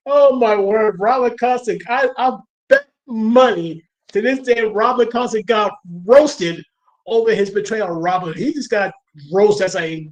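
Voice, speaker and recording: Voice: medium pitch, unhurried, poor audio. A livestream host with a New York accent, rambling in casual chat and laughing often.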